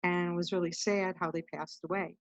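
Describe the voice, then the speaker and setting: A woman's voice: fairly low pitch, little pitch movement, fairly quick, no room sound, poor audio. A woman guest telling a personal story in a casual, chatty way, often saying "I'm like". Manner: chatty, recounts events with lots of "I'm like". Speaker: podcast guest.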